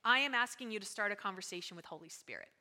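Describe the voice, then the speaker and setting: Bright-voiced woman pastor preaching in a hall. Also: medium pitch, very fast. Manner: lively, conversational preaching with audience call-outs. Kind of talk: sermon. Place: church sanctuary. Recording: long hall reverb.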